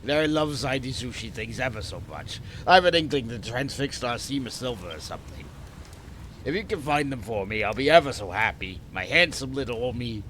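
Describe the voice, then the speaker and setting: A man putting on a husky, wheedling cave creature. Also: medium pitch, animated, a little fast, a bit bright, a little hiss or hum, voice pushed down, lightly acted. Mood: pleading. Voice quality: husky smoker voice with a put-on vaguely French accent. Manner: coaxing, wheedling, calls the listener pet names. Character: smoky-voiced underground creature pleading for help.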